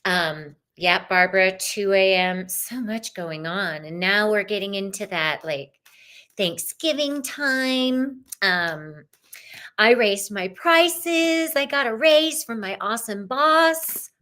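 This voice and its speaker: A woman's voice: mid-range voice, animated, takes it slowly, bright, forceful tone. A woman hosting a live-stream tarot and astrology show, chatting casually and bubbly, greeting viewers by name.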